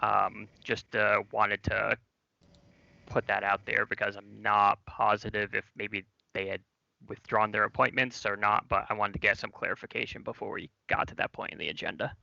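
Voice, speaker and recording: A man's voice: lowish voice, flat delivery, moderate pace, gravelly, pushed and bright, no room sound. A man on a board asking for clarification in a meeting, hesitant and apologetic with many fillers. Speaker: board member. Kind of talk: meeting discussion. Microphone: video call. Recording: dry lo-fi video call audio.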